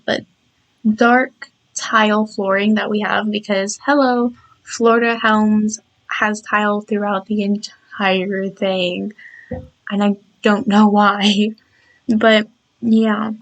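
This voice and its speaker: A tired woman with a slightly croaky, scratchy voice, chatting casually over a video of her game build and rambling with lots of restarts. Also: mid-range voice, highs cut off. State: tired and yawning.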